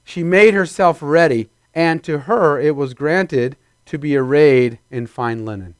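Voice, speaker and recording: A man preaches a sermon to his congregation in a loose, conversational style. He slips into playful put-on voices to act out little scenes. His voice sits a little high for a man and sounds dry and close to the mic. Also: unhurried, clean tone, no echo. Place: church before a congregation.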